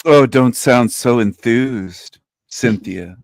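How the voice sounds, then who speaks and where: A man's voice: medium pitch, animated, takes it slowly. A man calling in to a live stream. His tone is mock-pompous and trolling. The sound is dry and close, with no room echo. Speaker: call-in guest. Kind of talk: casual live-stream chat.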